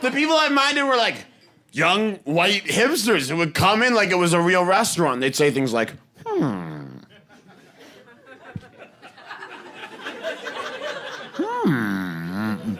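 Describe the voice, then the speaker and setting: Stand-up comic guy from around boston, high lively voice that jumps all over, fast storytelling. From Boston area, USA. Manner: animated, quick storytelling with bursts of shouting. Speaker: stand-up comedian. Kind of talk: stand-up comedy set.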